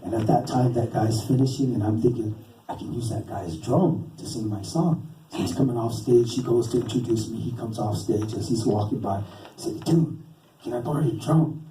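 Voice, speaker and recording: A man doing stand-up storytelling, rambling and interrupting himself with a deadpan, teasing manner. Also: fairly low pitch, moderate pace, slight background noise. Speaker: stand-up comedian and cartoonist. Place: stage in a venue. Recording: roomy, distant live stage recording.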